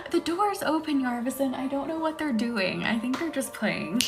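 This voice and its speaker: Woman, Reiki healer, live guided session, calm affirmations, soft whispers, music behind. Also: high voice. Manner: calm guiding affirmations, chats with viewers. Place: at home. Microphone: phone on a live stream.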